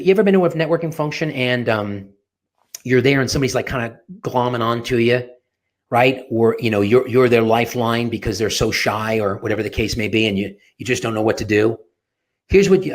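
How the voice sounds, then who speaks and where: A man coaching on sales and networking in an energetic, emphatic motivational talk, often restarting his sentences. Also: medium pitch.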